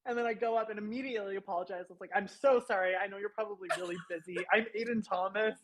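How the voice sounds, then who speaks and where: A man's voice: high voice, steady tone, fast talker, a bit bright, slight background noise, rough recording. A man chatting as an author guest in a casual livestream, bashful and self-deprecating, laughing often.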